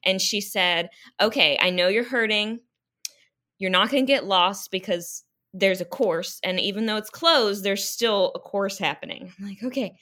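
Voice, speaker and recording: Bright-voiced woman telling a story. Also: mid-range voice, moderate pace. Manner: emotional, animated retelling. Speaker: guest runner. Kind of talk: casual storytelling.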